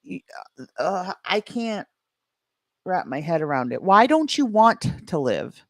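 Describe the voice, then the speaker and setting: A woman's voice: lowish voice, sing-song, no echo, studio quality. A woman hosting a reaction commentary channel, scolding and emphatic. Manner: scolding, emphatic, drawn-out words.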